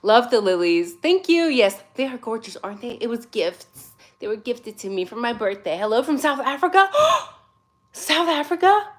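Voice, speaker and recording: A woman's voice: a little high, animated, normal speed, few pauses. A woman in her forties whose first language is not English, hosting a casual livestream from her phone, chatty and sassy, tired but caffeinated. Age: 40s. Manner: chatty, sassy, greets viewers by name. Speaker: livestream host.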